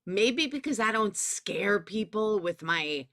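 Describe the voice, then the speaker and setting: Sarcastic Southern woman ranting, bright voice. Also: mid-range voice, animated, slow. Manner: sarcastic, profane, confrontational. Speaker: commentary YouTuber. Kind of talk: ranting drama commentary.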